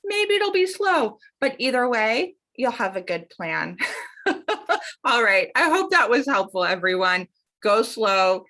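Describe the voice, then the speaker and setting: A woman who works as an academic coach, talking casually to camera as the host of her show. She talks expressively, with wide swings in pitch and frequent laughter. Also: lively intonation, measured pace, sharp tone.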